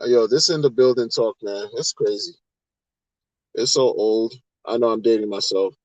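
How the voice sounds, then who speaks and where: A man hosting a crypto livestream rants to his viewers in a casual, rambling, repetitive way, sounding exasperated. His voice is on the low side and darkish, at a normal speed. The low-quality recording has no room sound.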